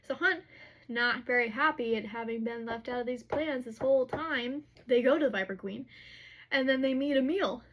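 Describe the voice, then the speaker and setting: A young woman casually retelling a novel's chapters, chatty and animated, with slangy asides. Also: high-pitched, moderate pace. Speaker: book recap vlogger.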